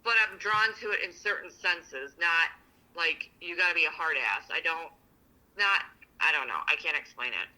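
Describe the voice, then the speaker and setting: A woman co-hosting a relationship podcast, telling stories in a blunt, profane, animated way. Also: low-pitched, normal speed, rough recording. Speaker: podcast co-host. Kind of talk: casual chat.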